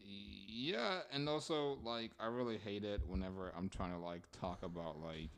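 Low-voiced man teasing his co-host. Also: moderate pace, vocal fry, clean tone. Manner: teasing, laughs a lot. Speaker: podcast co-host. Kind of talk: casual podcast banter.

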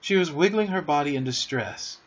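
A man narrates a children's classic with lively, animated swings in his voice. His tone is fairly high and husky. The recording sounds muffled and lo-fi. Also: brisk. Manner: expressive, theatrical. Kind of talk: storybook narration. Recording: dull lo-fi audiobook recording.

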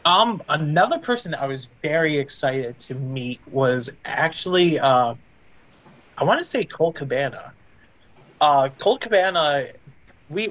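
A man's voice: on the high side, a bit bright, highs cut off. A young man, a guest in an interview, telling long stories in a rambling way with many fillers. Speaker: guest, aspiring wrestling broadcaster. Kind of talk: casual interview storytelling.

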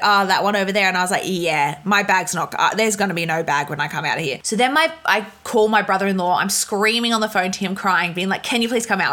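A young woman vlogger telling stories casually and with energy, laughing often and acting out the people in them, over a humming laptop. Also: mid-range voice. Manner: animated, laughing, acts out voices in stories. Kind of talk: casual storytelling to camera. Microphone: laptop mic. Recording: laptop fan humming behind.

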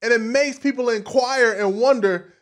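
High-voiced preacher man, lively and dramatic. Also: moderate pace. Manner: animated preaching, dramatic swings between soft and loud; acts out quoted voices in asides. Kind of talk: sermon.

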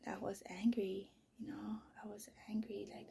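A woman telling a raw personal story as a mother, swinging between loud outbursts and near-whispers. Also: mid-range voice, little pitch movement, normal speed, gravelly. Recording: voice message.

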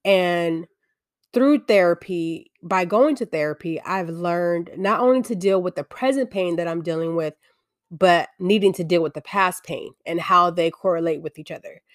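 A woman's voice: fairly low pitch, moderate pace, no echo, studio quality. A woman giving an earnest, confessional faith-based talk, often restarting her sentences.

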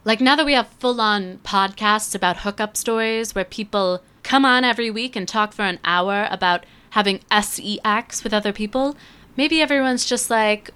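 A woman in her twenties hosting a casual solo podcast, chatty and sarcastic, who slips into quick voices when quoting others. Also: mid-range voice, sharp tone, smooth. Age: 20s. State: feels she is losing her voice. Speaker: podcast host.

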